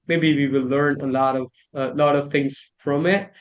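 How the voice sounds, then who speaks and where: A host talks through word pronunciation in a relaxed, conversational way. The voice sits in the middle of the pitch range, and the speaker keeps repeating words aloud to test them. They think out loud, with plenty of fillers. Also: normal speed, dull audio. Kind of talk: casual conversation about pronunciation.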